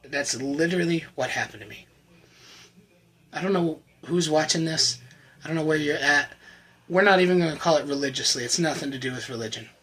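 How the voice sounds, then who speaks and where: Earnest man with a husky voice. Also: a little high, fairly bright tone, rough recording. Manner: earnest, emotional, halting with repeated words. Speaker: channel host sharing his recovery testimony. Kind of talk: personal faith testimony to camera.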